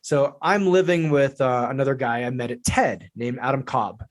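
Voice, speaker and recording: Energetic, foul-mouthed male storyteller. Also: mid-range voice, normal speed. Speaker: podcast guest. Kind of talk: casual storytelling.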